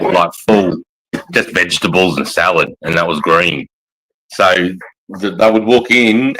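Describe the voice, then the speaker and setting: A blunt Australian man with a fairly low voice rambles through army stories on a casual livestream. His talk is thick with swearing and asides to the viewers, and he keeps it relaxed and unpolished. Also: low-quality recording. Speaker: army veteran streamer.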